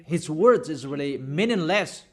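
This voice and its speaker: A man with a fairly high voice delivers a stern, admonishing sermon. He hammers points home through repetition, and his English phrasing sounds non-native. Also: expressive, unhurried. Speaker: preacher.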